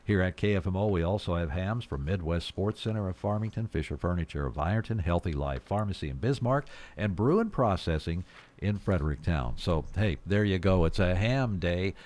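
A folksy male radio host talks from a studio in a low voice. He rambles easily and chuckles between thoughts. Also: animated, normal speed, darkish tone. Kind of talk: morning radio show.

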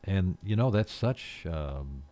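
A very deep-voiced man hosts a local morning radio show from the studio. He talks in a folksy, rambling way, reading community notices and drifting into jokes and chuckles. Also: expressive, slow pace, mellow. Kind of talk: casual radio chat.

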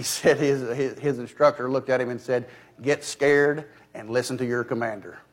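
A man preaching a sermon in a folksy storytelling way, moving between loud emphatic peaks and low, quiet asides. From United States.

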